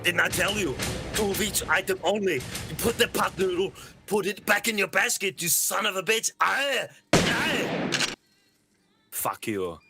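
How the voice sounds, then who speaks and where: A man's voice: high voice, big pitch swings, unhurried, vocal fry, over loud music, heavily acted. A man doing a comedy impression of a bossy Austrian-accented action-star security guard, barking orders.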